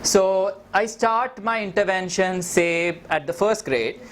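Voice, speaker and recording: A man's voice: sits high, slow, fairly bright tone. A man from India giving an explanatory talk, conversational and self-correcting, with frequent fillers.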